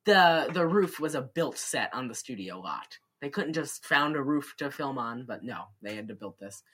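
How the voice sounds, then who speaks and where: A woman chatters through a movie recap, giggling and acting out the lines. Her voice sits low yet sounds bright and forceful, and it swings widely in pitch. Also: moderate pace, husky. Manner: animated, giggly, acts out quotes. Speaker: podcast co-host. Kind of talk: casual chat recapping a movie.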